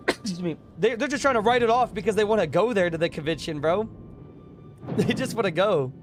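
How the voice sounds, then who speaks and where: A young man streaming a space game live, chatting casually with his viewers, his voice a bit strained from yelling, with bursts of excitement. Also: high-pitched, moderate pace, over music. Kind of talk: casual live gameplay commentary.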